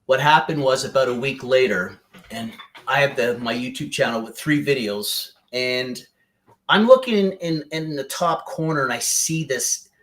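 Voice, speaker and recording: A man, a podcast guest, telling a personal story in an animated way and often addressing the host by name. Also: medium pitch, moderate pace. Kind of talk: emotional storytelling.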